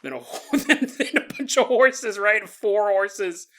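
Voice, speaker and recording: A man's voice: high voice, slow, fairly bright tone. A man hosting a podcast, telling stories in a joking way and laughing through his sentences. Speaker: podcast host. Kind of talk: comedic storytelling podcast.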